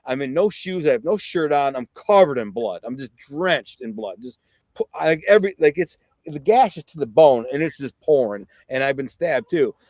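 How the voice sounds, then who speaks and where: This is a middle-aged man from Detroit, USA, appearing as a podcast guest; his voice sits a little high and he speaks at a moderate pace with no room sound. He tells a vivid story with excitement, acting out quotes, and his casual talk is packed with fillers and "right?"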